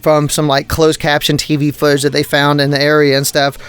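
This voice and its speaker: A man's voice: a little high, completely flat delivery, brisk, fairly bright tone, clean tone. A man hosting a podcast, telling stories in a rambling, profane and exasperated way. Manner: rambling, swears constantly, exasperated rants. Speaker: podcast host. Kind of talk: profane casual storytelling.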